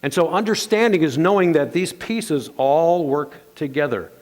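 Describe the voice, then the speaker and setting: A pastor delivers his sermon in a slightly high, lively male voice. He is playful and animated and keeps calling on the congregation to answer back. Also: moderate pace.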